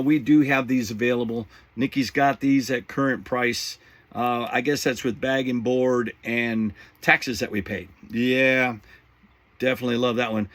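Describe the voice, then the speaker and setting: A man's voice: medium pitch, fairly bright tone, no echo. A middle-aged man hosting a podcast, chatting casually and rambling with jokes and laughs as he shows off new comic books. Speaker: podcast host. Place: home studio setup.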